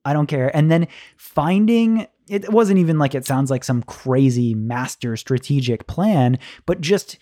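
A man hosting a podcast, reacting excitably to a guest's story and swearing often. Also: on the high side, unhurried, no room sound, clean studio sound. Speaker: podcast host. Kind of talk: casual chat.

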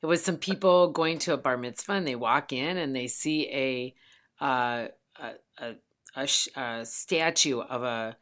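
A woman's voice: a bass voice, unhurried, fairly bright tone. A woman hosting a podcast over the phone, chatting casually, rambling and swearing freely. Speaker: podcast host. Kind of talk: casual chat. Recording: phone line.

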